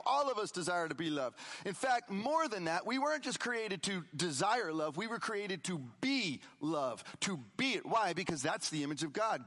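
A middle-aged man preaching a conversational sermon, swinging between loud emphatic lines and quiet, low asides. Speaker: pastor.

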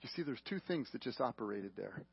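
A man preaching a sermon, emphatic, swinging from loud questions to hushed, quiet lines. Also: medium pitch, animated, fast, creaky, husky. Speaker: pastor. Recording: dull lo-fi broadcast audio.

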